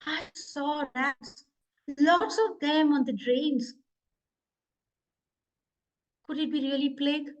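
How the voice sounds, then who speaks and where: A woman storyteller gives voice to an anguished city left behind by its people, wailing in high, lifted cries. She speaks slowly and drags out each lament. It is a live, dramatic storytelling voice. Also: steady tone, highs cut off. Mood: fearful. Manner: lamenting, dramatic rising outcries. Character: personified city, anguished and abandoned.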